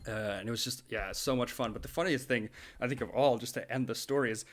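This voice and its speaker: A young man co-hosting a casual podcast, his voice sitting at an ordinary middle pitch. He tells a long story with lively energy, laughing often and restarting his sentences. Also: fast talker. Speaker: podcast co-host.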